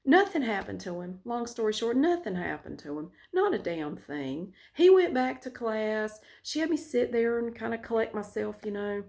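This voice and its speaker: A woman's voice: fairly high pitch, big pitch swings, moderate pace, vocal fry, hardly any pauses, darkish tone. A woman vlogger telling a personal story in a candid, frank way with casual swearing.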